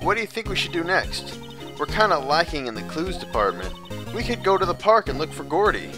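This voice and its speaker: A man voicing an excitable young woman, a girl spirit medium, with a chatty, chirpy manner, for a game playthrough. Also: on the high side, fairly quick, music in the background. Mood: eager.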